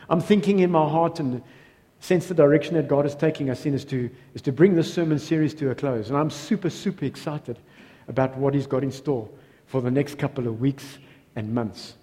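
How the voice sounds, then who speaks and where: A South African man preaching a lively sermon as pastor in a church, joking and calling out for amens. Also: mid-range voice. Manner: energetic, joking, builds to loud exclamations, calls for amens. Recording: long reverb of a church hall.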